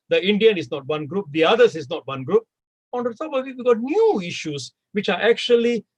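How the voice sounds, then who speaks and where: A man speaking on a discussion panel, animated and full of questions, sometimes voicing imagined speakers. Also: sits high, rough recording. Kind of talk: discussion talk.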